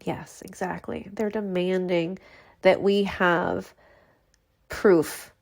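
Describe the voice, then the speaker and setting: A woman's voice: on the low side, fairly even intonation, slow pace, creaky. A woman in her forties, a neurologist being interviewed, speaking in an earnest, heartfelt way. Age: 40s. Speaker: neurologist guest. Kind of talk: interview conversation.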